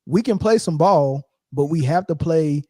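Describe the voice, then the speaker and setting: A man co-hosting a live sports podcast, his voice sitting a little high yet sounding dark and mellow. He talks loosely, restarts his sentences, and keeps pushing the audience to hit the like button. The sound is dry and close. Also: lively intonation, a little slow, husky, no room sound. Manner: loose and repetitive, urging viewers to like and share. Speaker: podcast co-host. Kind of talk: casual live-stream chat.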